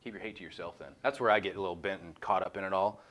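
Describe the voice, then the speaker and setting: A man with a fairly low, racing voice leads a casual Bible study for a small group in a room, streamed live. Relaxed and chatty, he jokes and speaks bluntly while working through the passage, often breaking in with his own remarks.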